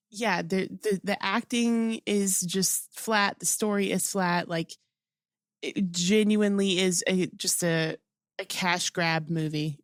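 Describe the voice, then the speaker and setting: A woman's voice: lowish voice, dry recording, studio quality. A woman co-hosting a podcast, chatting casually about a movie and rambling with many fillers. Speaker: podcast co-host. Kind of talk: casual movie review chat.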